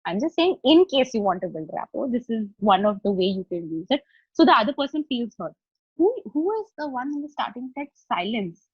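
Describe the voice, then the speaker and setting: A life coach with an Indian English accent runs a live online coaching session over a video call, chatty, explaining step by step and often checking in with the group. Her slightly husky voice is on the high side, sing-song and brisk, close and dry with no room echo. The call audio is dull and lo-fi.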